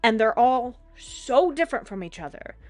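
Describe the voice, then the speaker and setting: A woman's voice: a little high, sing-song, normal speed, no room sound, faint music behind. A woman from Oklahoma chatting casually on a livestream, full of "you know" and "like". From Oklahoma, United States. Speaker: livestream co-host.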